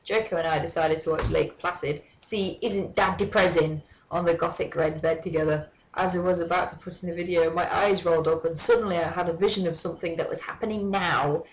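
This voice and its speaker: A woman's voice: lowish voice, fairly even intonation, brisk, hardly any pauses, a little hiss or hum, low-quality recording. A woman giving a mock-dramatic reading of a fan story, breaking off for sardonic, swearing asides. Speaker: comedic reader.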